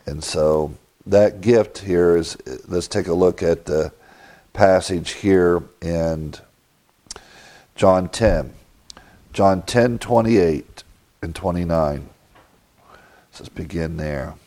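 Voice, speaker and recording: A man's voice: low-pitched, slow pace, warm tone. A man preaching a sermon, methodically teaching a Bible passage verse by verse with occasional fillers. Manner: methodical, explains Greek grammar. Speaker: pastor.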